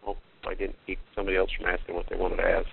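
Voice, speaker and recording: A man's voice: sits low, completely flat delivery, rapid-fire, vocal fry, a crowd in the background. A man on a group coaching call, speaking in a rueful, self-deprecating way. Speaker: caller. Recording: phone-like line, off-mic.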